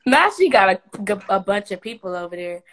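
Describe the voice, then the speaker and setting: A woman's voice: medium pitch, lively intonation, a little slow, fairly bright tone, slight background noise, low-quality recording. A young woman from Atlanta bantering playfully with her mother on a phone livestream. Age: young adult. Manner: playful, bantering, Southern slang. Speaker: daughter on a live video chat. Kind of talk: casual chat on a livestream.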